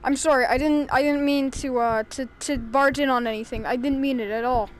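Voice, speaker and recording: A woman's voice: high-pitched, fairly even intonation, fairly quick, slight background noise. A woman playing a spooky video game and commenting as she goes, jumpy and exclaiming, with the odd curse. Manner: jumpy, exclaiming, swearing now and then. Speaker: gamer. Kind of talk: let's play commentary.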